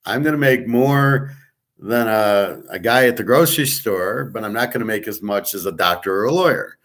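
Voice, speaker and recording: A man's voice: fairly low pitch, moderate pace, a bit bright. Blunt, profane man ranting to his class. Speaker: online class host. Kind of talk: casual ranting monologue.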